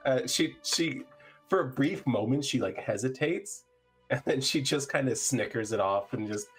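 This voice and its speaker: A man narrating as game master of a tabletop game, relaxed and full of fillers. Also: mid-range voice, moderate pace, slightly rough, soft background music.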